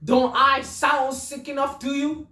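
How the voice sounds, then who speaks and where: A woman's voice: sits high, little pitch movement, measured pace, pushed and bright, distant mic, pitched above the performer's own voice. A woman voicing a cheeky, lazy male employee with a smug delivery, in an echoey room away from the mic.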